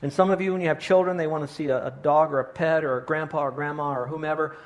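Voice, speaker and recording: A man's voice: a little high, steady tone, quick pace. A middle-aged male pastor preaching a sermon, earnest and pastoral, often restarting his sentences.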